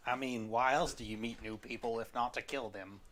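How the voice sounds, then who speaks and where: A man's voice: mid-range voice, fairly even intonation, a little fast, a bit bright, a little hiss or hum, close to an everyday voice. A man voicing a gleeful, sardonic murderous spirit.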